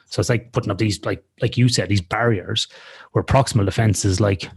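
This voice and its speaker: A man with a low, husky voice co-hosts a podcast in loose, casual chat. He talks frankly, swears freely and wanders from one example to the next. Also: fairly quick. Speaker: podcast co-host. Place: lives in Australia.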